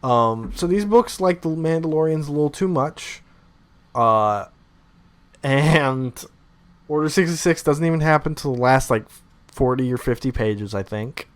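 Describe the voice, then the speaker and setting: A young man hosting a podcast, chatting casually and ranting with animated, opinionated energy. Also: a little high, a little slow. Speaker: podcast host. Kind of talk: casual chat.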